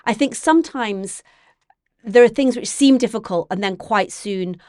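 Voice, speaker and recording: A woman literature professor, answering an interviewer in a thoughtful, explanatory way, often pausing and restarting her sentences. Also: fairly high pitch, a little mellow, dry recording, studio quality. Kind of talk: academic interview.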